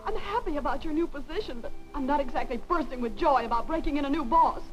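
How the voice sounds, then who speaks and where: An actress playing a lively young secretary, newly engaged, in a 1940s film. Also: female voice, high voice, fast, over music, poor audio.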